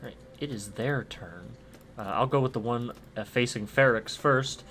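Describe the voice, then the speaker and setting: Young guy dm'ing over voice chat, bright voice, lots of uhs, faint music behind. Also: mid-range voice, normal speed. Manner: easygoing, many "uh" fillers, vivid combat narration. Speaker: dungeon master. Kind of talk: narrating a tabletop game online.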